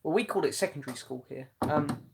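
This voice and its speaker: A man's voice: a little high, quick pace, gravelly, noisy background. A young man hosting a casual live chat, reading out viewers' comments in a chatty, meandering way with many ums. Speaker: live-stream host.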